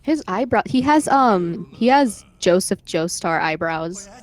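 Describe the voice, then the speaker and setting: A woman's voice: mid-range voice, unhurried, low-quality recording. Teasing young American woman, playful. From United States. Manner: teasing, playful, deadpan jokes. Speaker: co-host on a game stream. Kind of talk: casual chat.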